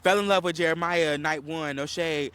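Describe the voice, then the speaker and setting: A man's voice: fairly high pitch, normal speed, clear, resonant tone. A man co-hosting a podcast, casually recapping a reality show, acting out quotes with lots of fillers and a slight cough. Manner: animated storyteller, acts out quotes, many fillers. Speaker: podcast co-host.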